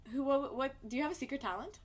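A woman's voice: high-pitched, expressive, fast. A young woman hosting a casual podcast, asking bubbly, giggly questions. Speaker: podcast host. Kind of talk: casual chat.

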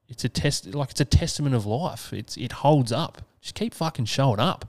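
A man's voice: medium pitch, a little fast, few pauses, darkish tone, no echo, clean studio sound. An Australian man hosting a solo podcast, talking casually and earnestly, swearing freely. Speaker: podcast host.

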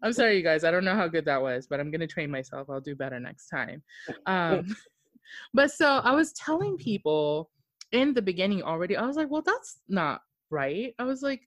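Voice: mid-range voice, moderate pace, dry recording. Podcast host, casual chat, rambling, filler-heavy, dry recording. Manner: rambling and animated, many "like" fillers; laughs often.

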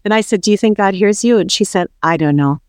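A middle-aged woman tells a personal story of faith as a guest, moving quickly and warmly through the events. She drops into little voices when she quotes other people. Her voice sits in an ordinary middle range and sounds close and dry, with no room around it. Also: mid-range voice, dry recording. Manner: animated, acts out quoted voices. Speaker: podcast guest.

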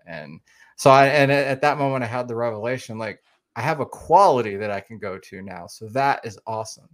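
A man's voice: medium pitch, animated, fairly quick. A man from Oklahoma with a slight Oklahoma accent, a podcast guest chatting casually and rambling with many fillers and restarts. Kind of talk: casual interview chat.

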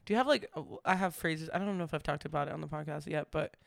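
A man co-hosting a podcast in casual chat, chatty and quick to laugh, with lots of fillers. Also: a little high, creaky, no room sound. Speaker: podcast co-host.

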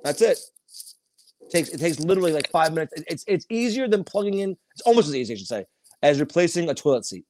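A man co-hosting a casual chat, talking profanely and acting out quotes in loud, shouted voices. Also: fairly high pitch, lively intonation, fast, a little hiss or hum.

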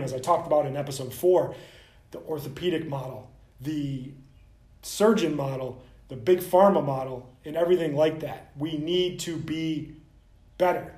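A man's voice: a little high, moderate pace, a little mellow. Blunt, profane man in an echoey room. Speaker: soft tissue clinician and vlog host. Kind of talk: ranting direct-to-camera vlog.

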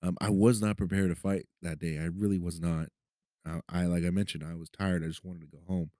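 A man's voice: low-pitched, flat delivery, a little fast, dark tone, dry recording, clean studio sound. A man hosting a podcast, telling a personal story in a profane, conversational way and often asking "right?". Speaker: podcast host. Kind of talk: casual storytelling. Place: city of Los Angeles.

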